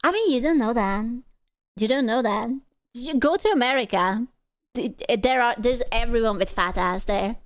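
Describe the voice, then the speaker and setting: A woman's voice: on the high side, animated, normal speed, no echo, clean studio sound. A young woman streamer in casual, crude chat, laughing often and stammering as she jokes.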